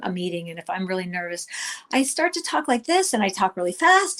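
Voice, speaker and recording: A middle-aged woman giving a virtual conference talk, speaking conversationally with frequent fillers and restarts. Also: fairly low pitch.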